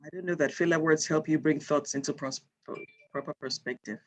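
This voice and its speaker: A woman's voice: sits low, brisk. A woman from Nigeria, giving an online lecture and explaining with example sentences.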